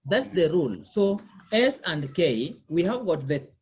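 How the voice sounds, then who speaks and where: A woman's voice: fairly low pitch, sing-song, unhurried, a little mellow, a little hiss or hum. A woman tutoring a learner one-on-one, patiently repeating questions and quizzing the learner as she explains. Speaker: language tutor. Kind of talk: one-on-one lesson.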